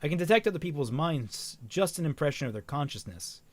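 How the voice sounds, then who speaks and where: A reserved blind young man speaks in short, calm sentences, as a man acts him out. The voice is plain and even-tempered. The sound is dry and close. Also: a little high, a little fast, no echo.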